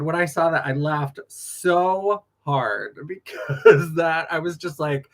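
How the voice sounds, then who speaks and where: A man's voice: on the high side, a little slow, few pauses. A man from North Dakota, a drag performer telling stories in a sassy, laughing late-night chat.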